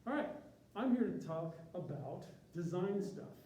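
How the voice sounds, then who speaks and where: A man's voice: high-pitched, big pitch swings, unhurried, mellow, a little hiss or hum. A man from Chicago, a university graphic artist, giving an informal, self-deprecating talk to a class. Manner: self-deprecating, joking, chatty with tangents. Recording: echoey room from a distance.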